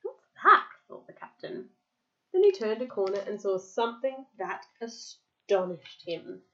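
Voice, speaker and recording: A woman reading a picture book aloud to a child, lively, pausing to explain words and answer questions. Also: medium pitch, gravelly, lo-fi sound.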